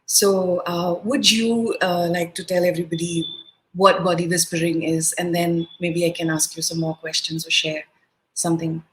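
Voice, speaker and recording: A woman's voice: fairly low pitch, level tone, moderate pace, rough recording. A woman from India, a guest in an online conversation, talking with enthusiasm and searching for her words as she goes.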